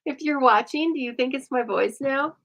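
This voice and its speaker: A woman hosting a casual craft demonstration, chatty and often laughing, with a calm, soothing voice and a dry deadpan humor, recorded on a phone. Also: sits high, moderate pace, highs cut off. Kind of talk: casual chat during a craft demo.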